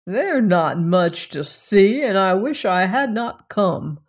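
Reader doing a timid curious servant boy, higher, pleading, slow — storybook. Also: very animated. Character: curious, timid young male servant lad.

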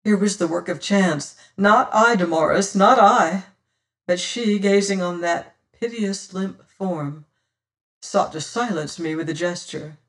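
A dramatic first-person audiobook narrator with a mid-pitched voice. The reading swells loud on exclamations and goes hushed in quiet passages. The voice sits back from a distant mic. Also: a little slow.

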